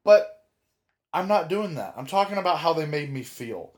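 A man co-hosting a casual wrestling podcast, talking animatedly with emphatic, drawn-out words and frequent restarts. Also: fairly high pitch, lively intonation. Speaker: podcast co-host.

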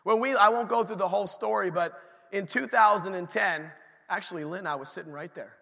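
A man's voice: high voice, fairly quick, creaky, sharp tone. A man preaching a sermon in a church, telling stories in a conversational way with asides to the congregation. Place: church sanctuary. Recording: long reverb of a church hall.

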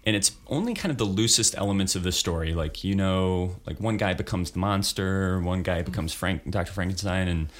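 A man's voice: deep voice, a little fast, few pauses. A man in casual podcast chat, telling a story in a loose, rambling way with many fillers. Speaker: improv performer, guest.

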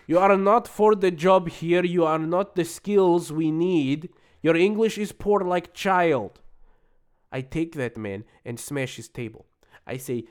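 Man putting on a boastful Russian immigrant with a thick Russian accent. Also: on the high side. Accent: put-on Russian. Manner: grandiose, broken English, dramatic.

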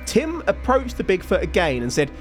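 A man hosting a podcast, slowly telling a story between jokes and frequent laughter. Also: sits high, wildly swooping pitch, soft background music. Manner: slow, laughing, jokey storyteller. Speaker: podcast host.

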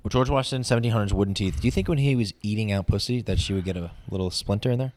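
A man's voice: lowish voice, very fast, a little mellow, no room sound. A young man in his twenties, a stand-up comedian co-hosting a podcast, bantering crudely and often dropping close to a whisper into the mic. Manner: drops to a near whisper into the mic. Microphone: close studio mic.

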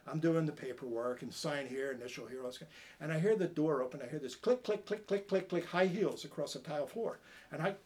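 A middle-aged man from Maine, a former TV hunting show host, telling stories casually as a podcast guest and acting out the voices of the people in them. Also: fairly high pitch. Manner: animated storyteller who acts out quoted voices. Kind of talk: casual storytelling.

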